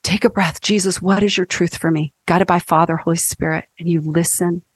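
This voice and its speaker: A woman in her fifties, a counselor and guest, talking in an animated, emphatic teaching way on a faith-based podcast. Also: lowish voice, fairly quick, husky.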